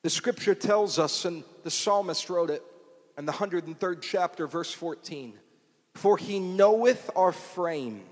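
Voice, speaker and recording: Male preacher, high voice, rhythmic repeated lines rising to shouts, long hall reverb. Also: measured pace. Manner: rhythmic repetition building to shouts. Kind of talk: sermon. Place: portable church.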